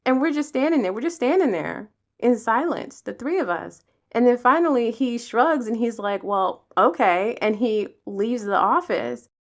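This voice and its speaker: A woman from Pennsylvania hosting a podcast, telling personal stories in a casual, animated way, swearing freely and acting out the people involved. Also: fairly high pitch, normal speed. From Pennsylvania, USA. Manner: animated, profane, acts out the people in her stories. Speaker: podcast host. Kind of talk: casual storytelling monologue.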